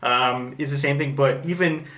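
A man's voice: mid-range voice, moderate pace, sharp tone. A man hosting a casual chat, rambling with lots of fillers and restarts. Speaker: podcast host. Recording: echoey room.

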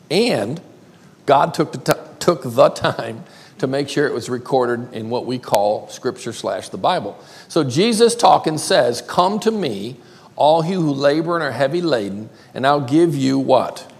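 An older man from South Carolina with a Southern accent, preaching a playful sermon and drawing words out slowly. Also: mid-range voice, creaky. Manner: playful, drawls words slowly, calls crowd y'all. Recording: long hall reverb.

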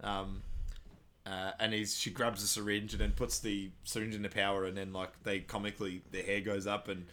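Bright-voiced man recapping a comedy film. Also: level tone, moderate pace, slight background noise. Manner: retells scenes, acting out lines in loud high voices and laughing. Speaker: podcast co-host. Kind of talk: casual movie recap chat.

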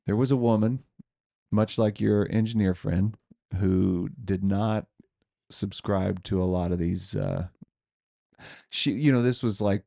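Low, gravelly man telling a ghost story. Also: steady tone, measured pace, long pauses, mellow, dry recording, clean studio sound. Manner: rambling storyteller who laughs often. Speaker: podcast co-host.

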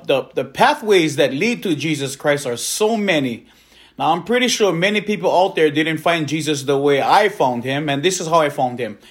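A man's voice: fairly high pitch, fairly bright tone. A man from Hawaii, an evangelist telling his personal testimony in an earnest, heartfelt way.

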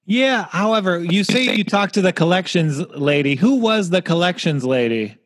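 A man's voice: high-pitched, animated, normal speed, big-room sound. A man co-hosting a comedy podcast, teasing his partner in a mock-formal, playful way. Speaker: podcast co-host.

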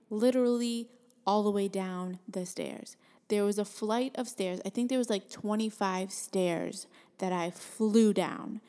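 Young woman, casual storytelling, blunt, swears a lot, animated. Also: medium pitch. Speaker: podcast host telling a personal story.

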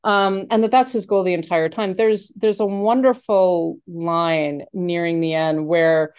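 A woman's voice: lowish voice, fairly even intonation, a little slow, darkish tone, smooth. A woman in a casual film discussion, talking animatedly with many restarts and fillers.

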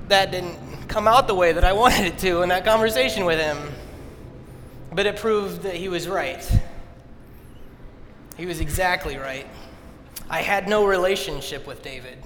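A man in his thirties telling a personal story to an audience, self-deprecating and humorous, and animated when he relives arguments. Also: sits high, moderate pace, a little hiss or hum. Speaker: speaker. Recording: long reverb of a large hall.

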